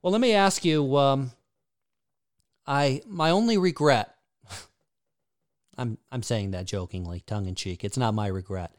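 A man's voice: mid-range voice, measured pace, pauses often. A man hosting an interview, asking questions casually with many ums and uhs. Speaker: interview host.

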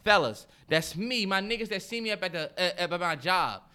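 A man co-hosting a podcast in casual chat, ranting in an animated and profane way. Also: high-pitched, a little fast, clear, resonant tone. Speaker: podcast co-host.

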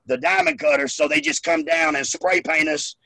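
A man with a high, lively voice, heavy vocal fry crackling under nearly every phrase. He tells profane, animated backstage stories as a former wrestler. His tone is bright and cuts through, sounding close and dry. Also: normal speed, no room sound. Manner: animated, swearing, laughing through the story. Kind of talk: profane storytelling.

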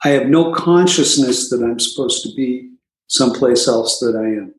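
A man's voice: mid-range voice, normal speed. A man casually telling his recovery story, with wry, self-mocking humor and frequent asides. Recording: echoey room.

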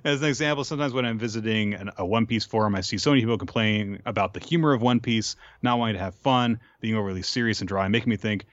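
A man co-hosting a podcast in casual chat, reading listener questions with relaxed, dry humor. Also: fairly low pitch, quick pace, hardly any pauses, dry recording. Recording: dull lo-fi mic, dry.

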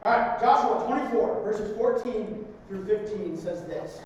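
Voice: medium pitch, measured pace, hardly any pauses, darkish tone, dull audio. A pastor giving a conversational sermon who keeps tagging points with "right?". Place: church sanctuary. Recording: distant, echoey hall recording with faint noise.

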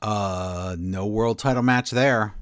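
A man's voice: lowish voice, takes it slowly, clear, resonant tone, no room sound, clean studio sound. A man co-hosting a wrestling podcast, ranting in an exasperated, sarcastic way in casual chat. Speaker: podcast co-host.

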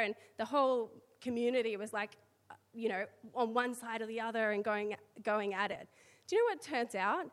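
A woman's voice: a little high, moderate pace, hardly any pauses, a bit bright. Australian woman preaching in an echoey hall. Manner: chatty asides, filler words between readings. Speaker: church speaker. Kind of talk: conversational sermon with scripture reading. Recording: long hall reverb.

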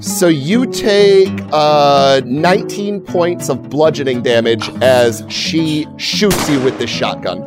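Man, game master, casual tabletop narration, slightly high voice, faint music. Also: slow pace, few pauses.

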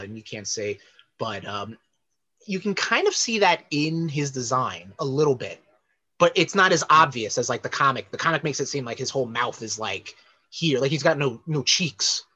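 A man's voice: medium pitch, normal speed. A man co-hosting a casual podcast, rambling with lots of fillers as he talks about films and comics. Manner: rambling, many fillers, animated. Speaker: podcast co-host.

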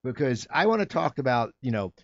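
A man hosting an interview show, talking quickly and often restarting his sentences. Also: medium pitch, very animated, dry recording, dull audio. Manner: rambling, restarts sentences, talks fast. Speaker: interview host. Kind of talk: interview chat.

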